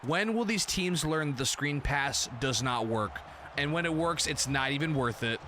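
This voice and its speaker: A young man streaming a football video game, commentating the plays in a casual, excitable and profane way, often breaking into shouts. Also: on the high side, moderate pace, background noise.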